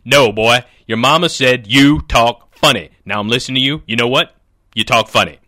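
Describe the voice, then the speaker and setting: A man voicing a pushy, bossy country fellow who talks loud and drawling. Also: mid-range voice, a little fast, dry recording, studio quality.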